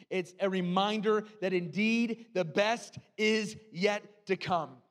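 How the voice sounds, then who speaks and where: A male pastor preaching a sermon in a church, animated and conversational, with frequent asides to the congregation. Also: on the high side, long reverb tail.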